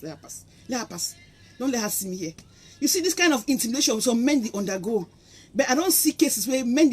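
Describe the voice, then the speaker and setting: A woman's voice: on the high side, slightly rough. A middle-aged woman speaking Nigerian Pidgin English, giving an impassioned, preachy monologue to her viewers. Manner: impassioned and preachy, acts out quotes. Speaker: vlogger. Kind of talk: monologue to camera.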